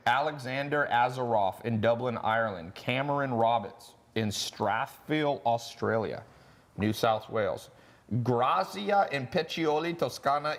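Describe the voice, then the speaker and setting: A man hosting a course livestream, pitching in a brash, joking way and talking fast in bursts. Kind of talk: casual sales pitch livestream.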